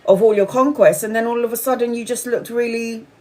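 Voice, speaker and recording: A woman voicing an earnest young woman who gently urges a lonely man, in a slightly raised voice. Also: fairly high pitch, steady tone, a little fast, pitched above the performer's own voice, natural voice. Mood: pleading.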